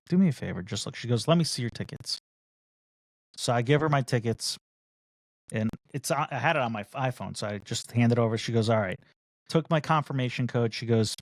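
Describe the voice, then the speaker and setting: A man's voice: mid-range voice, no room sound, clean studio sound. A man co-hosting a casual podcast, telling a long story and acting out the other people in it. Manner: animated storyteller who acts out the other people in his story. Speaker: podcast co-host. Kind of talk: casual chat.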